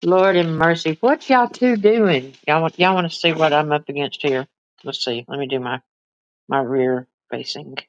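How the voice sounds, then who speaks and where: A woman's voice: normal speed, lo-fi sound. A woman, chatting casually with livestream viewers in a rambling way and cooing at her pets. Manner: rambling, chatty, talks to pets in high baby voice. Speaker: livestream host. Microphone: phone.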